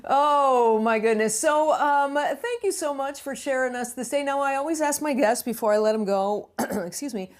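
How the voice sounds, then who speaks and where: A woman's voice: high-pitched, moderate pace, hardly any pauses. A woman hosting a casual interview chat, laughing readily and encouraging her guest. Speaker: host.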